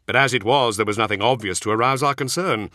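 A man voicing a calm, dry-witted scholarly monk who reasons coolly. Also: medium pitch, fast talker, dry recording, voice pushed up, natural voice. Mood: reasoning.

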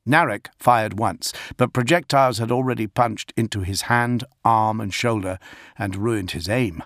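A man reads an audiobook in a steady, even storytelling voice that sits on the low side. The recording is dry and close, with no room sound. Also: moderate pace, no room sound. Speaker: audiobook narrator. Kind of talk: scripted narration.

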